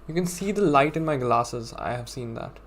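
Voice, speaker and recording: A man's voice: medium pitch, lively intonation, normal speed, a bit bright, slight background noise. A young man live-streaming a game from his home setup, chatting casually and rambling to his viewers with lots of "bro" and "like". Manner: chatty, rambling, self-deprecating, says "bro" and "like".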